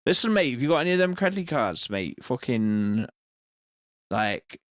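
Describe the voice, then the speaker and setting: A man's voice: mid-range voice, big pitch swings, moderate pace, no echo, clean studio sound, natural voice. A man voicing a crude, rowdy young lad cadging money, with an aggressive, swearing manner.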